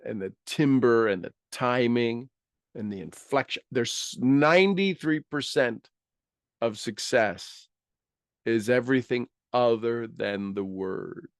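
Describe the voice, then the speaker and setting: Man, motivational coach, animated, acts out quoted voices, dry close sound. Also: mid-range voice, dry recording. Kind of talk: motivational talk.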